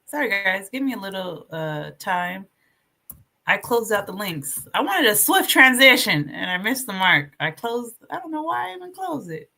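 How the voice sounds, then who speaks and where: A woman hosting a casual livestream, chatty and animated, reading aloud from her notes while sharing her screen. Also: medium pitch, moderate pace, creaky. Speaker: livestream host.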